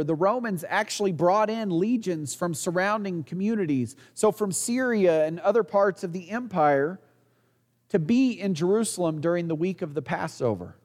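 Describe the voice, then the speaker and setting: High-voiced man preaching in a reverberant church. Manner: earnest preaching with rhetorical questions and small restarts. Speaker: pastor. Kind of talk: sermon.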